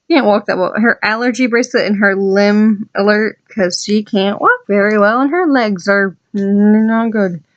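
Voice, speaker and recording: A woman's voice: mid-range voice, highs cut off. A woman vlogger chatting casually and with enthusiasm as she flips through her journal, adding asides to her viewers. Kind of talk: casual rambling chat.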